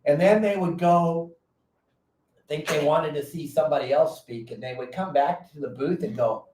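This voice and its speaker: A man hosting a fishing show, talking loud and blunt in an energetic casual chat. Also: on the high side, moderate pace, echoey room, recorded from a distance, a little hiss or hum, rough recording.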